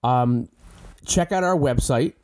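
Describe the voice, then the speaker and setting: A man's voice: medium pitch, slow, a little mellow. Teasing, laughing podcast co-host man. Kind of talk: casual podcast banter.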